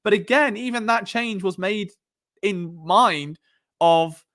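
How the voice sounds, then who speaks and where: A man's voice: high-pitched, takes it slowly, fairly bright tone. An English man hosting a live sports stream, talking casually and rambling, with lots of fillers and restarts. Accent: Southern English. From England. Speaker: podcast host.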